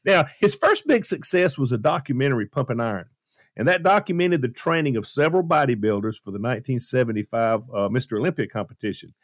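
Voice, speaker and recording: A male radio host telling a story in a casual, animated way, with plenty of fillers. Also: mid-range voice, fast, dry recording, clean studio sound. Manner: lively, animated retelling with fillers.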